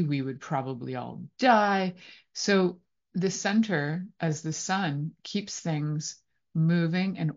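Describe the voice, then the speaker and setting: A woman's voice: deep voice, a little mellow. A woman hosting a podcast, musing on relationships in a rambling way with many fillers. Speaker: podcast host. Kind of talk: reflective relationship talk. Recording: slightly dull lo-fi audio.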